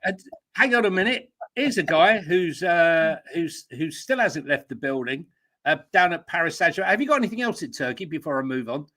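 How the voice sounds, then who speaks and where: A man co-hosts a football podcast in easy, casual chat. His voice is bright and slightly high, and he mocks himself a little. He talks through transfer news at a quick clip. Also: animated. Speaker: podcast co-host.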